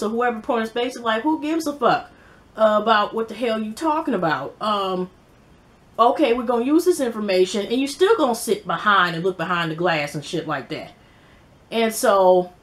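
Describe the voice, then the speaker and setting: A woman reviewing a TV episode in casual chat, animated and profane, acting out the scenes as she goes. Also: medium pitch. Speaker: TV show reviewer.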